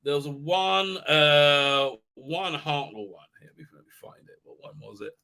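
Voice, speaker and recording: Middle-aged male livestream host, rambling casual chat, sharp tense tone, slightly high voice. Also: measured pace. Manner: rambling, animated, with many restarts. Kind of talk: casual live-stream chat, reading viewer comments.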